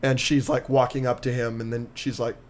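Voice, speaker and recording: A man co-hosting a podcast, recapping with excitement and lots of fillers in casual chat. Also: medium pitch, brisk. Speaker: podcast co-host.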